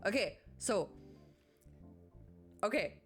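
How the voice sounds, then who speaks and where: A woman's voice: mid-range voice, lively intonation, takes it slowly, soft background music. A German woman streaming a game in English with a German accent, chatting casually, musing aloud and often correcting herself.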